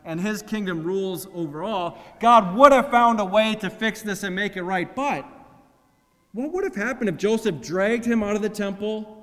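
A man preaching a sermon, reading scripture and swinging between loud, emphatic lines and hushed, drawn-out ones. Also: high voice. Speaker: pastor. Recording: long hall reverb.

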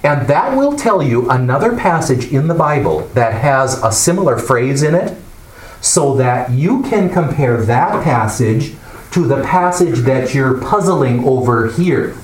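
Animated man teaching a Bible class. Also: mid-range voice, a little slow. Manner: animated, explanatory, asks the class questions. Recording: echoey room, mic far off, faint noise.

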